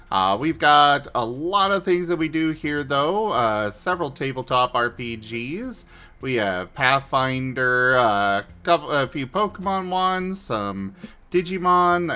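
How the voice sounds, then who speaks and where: A man hosts a casual livestream, his voice bright and forward as he chats and rambles with plenty of fillers. Soft music plays under his voice at a mid pitch. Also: smooth. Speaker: streamer host.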